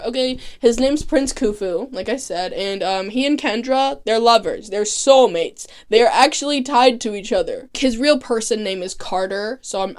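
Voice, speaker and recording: A woman with a slightly high voice tells a show recap with sarcasm and profanity. She is animated and punchy, and she jumps between dry asides and outbursts. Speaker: TV recap vlogger. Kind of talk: comedic recap narration.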